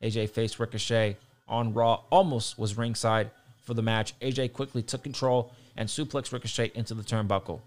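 Getting more and more worked up, this young wrestling commentator rants about the sport, cursing frequently and saying things over again. He speaks in a mid-range, level tone at normal speed with few pauses.

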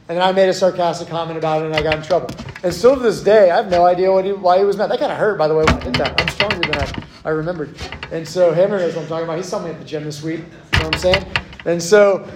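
A young male youth pastor delivers a sermon in a conversational, relatable way and leans on personal stories. His voice sits high for a man. The sound rings with the echo of a large hall. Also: fast, background noise. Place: church hall. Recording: echoey hall.

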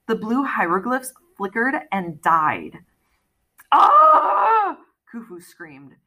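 A woman's voice: mid-range voice, big pitch swings, slow pace, sharp tone. A woman reading a story aloud as audiobook narration, telling it expressively and acting out the characters' lines. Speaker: audiobook reader.

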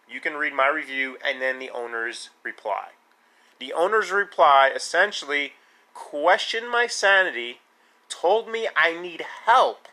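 A man hosting a podcast, ranting casually in an animated, indignant and sarcastic way. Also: on the high side. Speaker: podcast host. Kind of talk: casual solo podcast rant.

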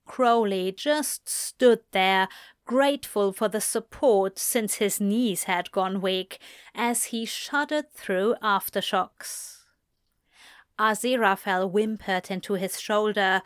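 Woman narrator, slow measured reading, dry close recording. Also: medium pitch, clean tone, dry recording. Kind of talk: scripted narration of fan fiction.

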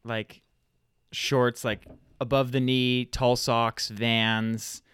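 A man's voice: mid-range voice, flat delivery, extremely slow, a bit bright, smooth, no echo. A young man from California in a casual chat, laid-back and filling his talk with "like". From Central or Southern California. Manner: laid-back, says "like" often. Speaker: conversation participant.

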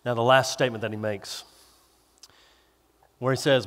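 A man's voice: medium pitch, steady tone, a bit bright. Male pastor preaching in a reverberant hall. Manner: conversational, emphatic, drawn-out stresses. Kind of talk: sermon. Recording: long reverb of a large hall.

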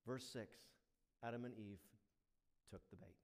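Preaching with emphasis, this male pastor moves from loud, stressed phrases to quiet asides. His pitch sits in the middle range and he keeps a measured pace.

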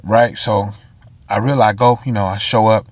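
A man's voice: on the low side, fairly even intonation, moderate pace, no echo. A tired man, telling a story on a casual solo podcast with slang, fillers and asides to listeners. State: tired, yawning. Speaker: podcast host.

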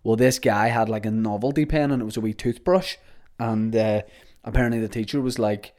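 A man's voice: lowish voice, a little fast, a little mellow. Male podcast host, casual and jokey, loose rambling storyteller. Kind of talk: casual solo podcast chat.

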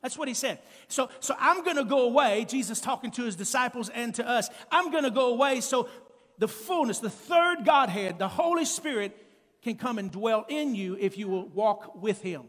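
A male preacher delivering an emphatic sermon, calling out to the congregation and building up to shouted peaks. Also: extremely high pitch, expressive, moderate pace. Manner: calls to the congregation. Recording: long church-hall reverb.

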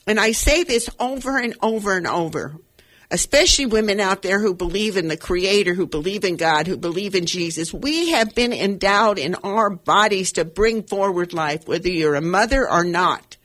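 A woman's voice: mid-range voice, lively intonation, moderate pace, a bit bright. An older woman hosting a radio talk show, speaking with earnest, emotional conviction and rambling, restarting sentences. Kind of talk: impassioned commentary.

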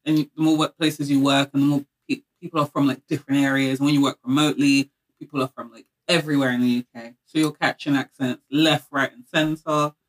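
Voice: mid-range voice, level tone, a little fast, rough recording. A speaker, chatting casually and explaining things at length. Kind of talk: casual chat.

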